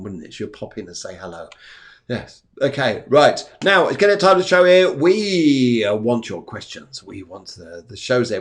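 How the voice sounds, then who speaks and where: A middle-aged man hosting a live stream as a psychic medium, giving tarot readings in a chatty, rambling way that repeats phrases. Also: mid-range voice. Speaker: psychic medium and show host. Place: home during a storm.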